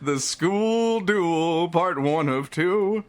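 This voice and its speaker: A high-voiced man with a very lively, sing-song delivery co-hosts a casual podcast. He reads episode recaps aloud and keeps breaking into laughter and casual swearing. His pitch jumps around constantly as he talks. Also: drawn-out words, clean tone. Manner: animated, laughs mid-sentence, swears casually. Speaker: podcast co-host.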